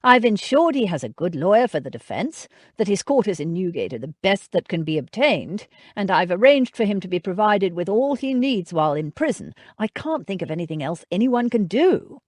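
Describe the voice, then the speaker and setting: A woman voicing a reserved, grim gentleman in an audiobook. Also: medium pitch, very animated, no echo, studio quality. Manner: grim, measured.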